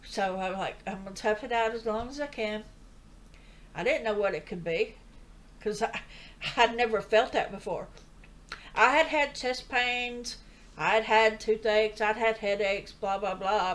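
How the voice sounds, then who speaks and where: An older woman earnestly telling a personal story in a chatty way, with asides. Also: medium pitch. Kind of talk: casual testimony.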